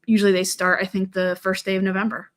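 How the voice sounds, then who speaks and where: A woman's voice: medium pitch, little pitch movement, fast. A middle-aged woman from the US, a guest in a casual chat, talking in a rambling, hesitant way with many fillers.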